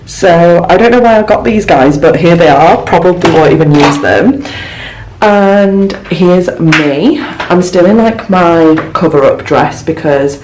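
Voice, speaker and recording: A woman's voice: fairly low pitch, measured pace, noisy background. A young woman, chatting emotionally and effusively in a casual travel vlog from her hotel room. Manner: chatty, gushing and emotional, lots of fillers. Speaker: vlogger. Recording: echoey room with faint ambience.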